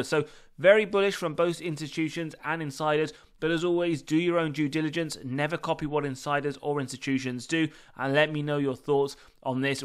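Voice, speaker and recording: Smooth-voiced male stock analyst. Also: fairly high pitch. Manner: steady, methodical, formal phrasing. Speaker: stock analysis channel host.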